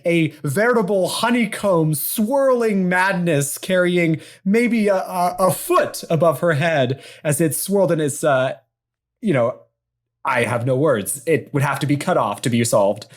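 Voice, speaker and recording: An animated storyteller narrating an improvised tale. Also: medium pitch. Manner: animated and playful. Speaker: storytelling podcast co-host.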